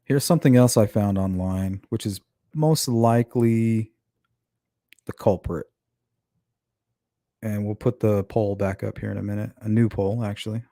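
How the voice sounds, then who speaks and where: A man's voice: lowish voice, measured pace, pauses often, warm tone, dry recording, clean studio sound. A man hosting a livestream, rambling casually and answering viewers' chat. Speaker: livestream host.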